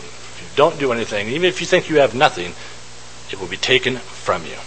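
Lively, bright-voiced man teaching scripture. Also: mid-range voice, brisk, slight background noise, low-quality recording. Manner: poses rhetorical questions and thinks aloud. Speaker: Bible teacher. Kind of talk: informal Bible teaching.

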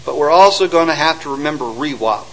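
A man preaching a sermon, retelling stories with animated delivery and acting out the voices of the people in them. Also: fairly high pitch, fast, poor audio. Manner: animated storytelling, acting out quotes.

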